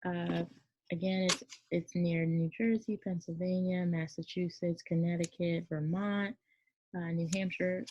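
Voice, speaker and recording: A woman's voice: fairly low pitch, steady tone, a little slow, a little mellow, a little hiss or hum. A woman teaching a casual classroom lesson, talking in a chatty, rambling way with many fillers and self-corrections. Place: near Memphis, Tennessee. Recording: dull lo-fi sound.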